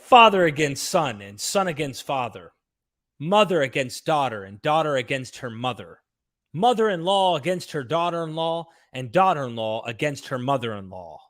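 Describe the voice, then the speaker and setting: A man reading a scripture passage aloud in a dramatic, oratorical way with pauses. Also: fairly high pitch, very animated, a bit bright.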